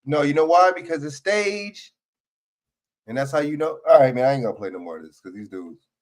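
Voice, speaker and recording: A man's voice: on the high side, animated, brisk. Blunt, profane man ranting on a livestream. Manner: blunt, profane, repeats "you know what I'm saying". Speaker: livestream host. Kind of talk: casual political commentary. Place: home studio, livestream.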